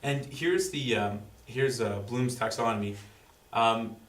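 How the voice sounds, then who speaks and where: A man giving a school presentation to parents, explaining in a halting way full of fillers and restarts. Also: mid-range voice. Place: school room with audience. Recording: roomy, distant, faint background noise.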